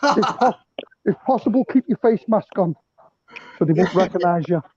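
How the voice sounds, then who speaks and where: A man from Liverpool calls in and spins jokey stories, his voice high for a man. The line sounds dull and muffled. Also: expressive, normal speed, a little mellow, breathy edge, no room sound. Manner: joking storyteller. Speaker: caller. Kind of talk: casual chat.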